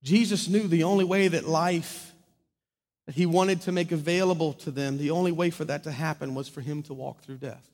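A man preaching a sermon in a large church hall, impassioned, swinging from loud proclaiming to hushed intimacy. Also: fairly high pitch, steady tone, normal speed. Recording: long reverb of a large hall.

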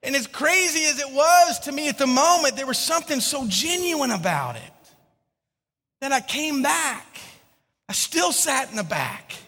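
A man with a high voice preaches a sermon in a reverberant church hall. He tells a story with animated delivery and stammered restarts. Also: measured pace. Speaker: pastor.

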